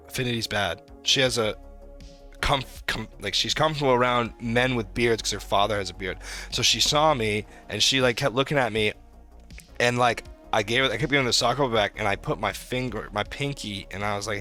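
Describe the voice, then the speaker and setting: Young male podcast co-host, bright and tense voice, rambling, animated delivery, faint music behind. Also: lowish voice, normal speed. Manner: rambling, animated storytelling with profanity. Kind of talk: casual chat.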